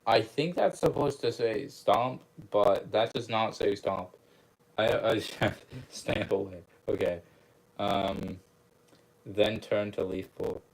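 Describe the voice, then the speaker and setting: A young man reading a book aloud at a slow, unhurried pace, his voice sitting low. He often trips over words and corrects himself, then breaks off into amused asides. The feel is a casual read-along for an online channel. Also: gravelly, low-quality recording. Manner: stumbling, self-correcting, laughing asides.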